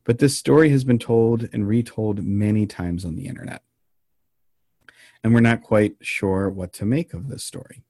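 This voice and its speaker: A man co-hosting a podcast, telling an odd story in a casual, meandering way with deadpan jokes. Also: lowish voice, moderate pace, no echo, clean studio sound. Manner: deadpan joking, meandering with frequent ums.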